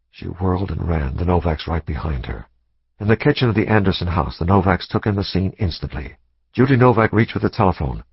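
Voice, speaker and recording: A man narrating a thriller audiobook in a measured, dramatic reading style. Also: low-pitched, animated, slightly rough, no echo, muffled recording. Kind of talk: scripted narration.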